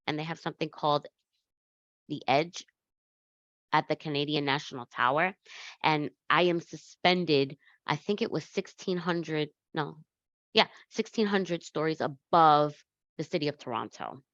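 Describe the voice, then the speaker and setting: A woman presenting slides in a relaxed, conversational way and correcting herself as she goes. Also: sits low, no room sound, highs cut off. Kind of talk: slide presentation on accessible travel.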